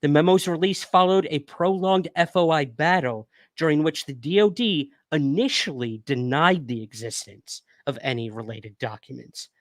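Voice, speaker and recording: Speaking at a moderate pace with hardly any pauses, a young man with a fairly high voice hosts a livestream, reading out news articles and chatting casually with viewers. Whiskey has him hiccuping a little, and the recording has no room sound.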